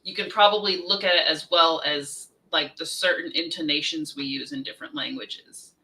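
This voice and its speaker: A woman co-hosting a casual writing stream, playful and teasing, with quick giggles. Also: fairly low pitch, lively intonation, pushed and bright, far from the mic, low-quality recording. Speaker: writing sprint co-host. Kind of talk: casual group chat on a livestream.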